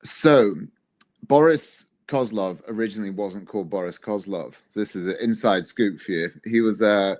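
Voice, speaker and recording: A man's voice: fairly low pitch, moderate pace, a little mellow. A man, a wrestler, chatting casually in an interview and telling rambling, self-deprecating stories. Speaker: guest, wrestler.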